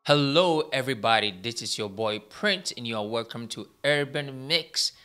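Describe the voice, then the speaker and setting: A man's voice: mid-range voice, animated, normal speed, pushed and bright, clear, resonant tone. A young man hosting a casual entertainment update from a small studio, chatty and rambling, often correcting himself. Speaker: entertainment news host.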